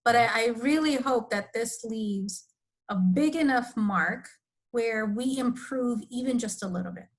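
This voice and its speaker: A woman hosting a podcast, reflective and animated in casual conversation, laughing often. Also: a little high, measured pace. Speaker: podcast host.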